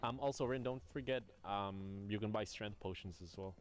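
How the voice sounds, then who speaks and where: A young man streaming a game as a VTuber, chatting casually, teasing his guest and shouting at the game. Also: on the low side, moderate pace. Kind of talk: casual gaming livestream chat.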